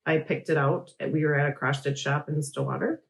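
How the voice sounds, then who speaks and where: A middle-aged woman hosts a relaxed crafting chat. She rambles from one thing to the next in an animated, friendly way. Her voice sits slightly low for a woman. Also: brisk, vocal fry. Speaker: host. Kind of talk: casual chat.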